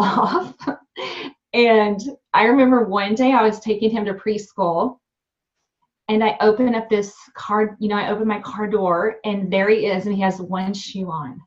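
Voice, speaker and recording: A young woman, a restaurant owner and new mom, telling her story in an interview in a candid, animated way with many fillers. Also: mid-range voice, measured pace. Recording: dull lo-fi sound.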